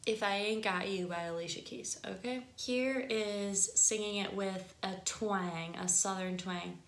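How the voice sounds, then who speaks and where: A woman voice teacher giving a casual singing lesson, chatty and explaining with quick examples. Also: mid-range voice, fairly even intonation, reverberant.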